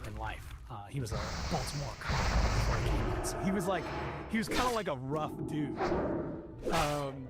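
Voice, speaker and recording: A middle-aged man casually telling a long military story with lots of profanity, acting out the voices of the people in it. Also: medium pitch. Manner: profane, animated, acts out quoted voices.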